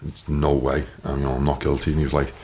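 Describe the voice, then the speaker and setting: A man in his thirties with a Liverpool accent, telling his story as a podcast guest, animated and swearing, acting out what others said. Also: rumbling low, quick pace, slight background noise. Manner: animated, swears, acts out quotes. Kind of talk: casual storytelling.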